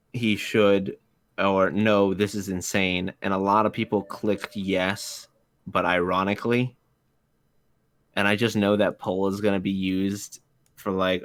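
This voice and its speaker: A man's voice: sits low, fairly bright tone, no room sound. A man from the United States, co-hosting a casual livestream, joking and swearing often. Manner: profane, joking. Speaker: co-host.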